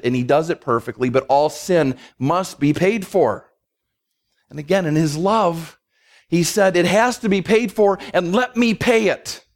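A man preaching an expository sermon in a conversational, emphatic way, slowing down to stress key words and briefly voicing quoted speakers. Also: a little high. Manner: voices God and others in quick asides. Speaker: pastor.

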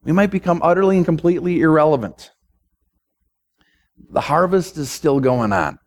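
A man's voice: fairly high pitch, animated, normal speed. A male pastor delivering a sermon and prayer, building emphatic, repetitive rhetorical runs.

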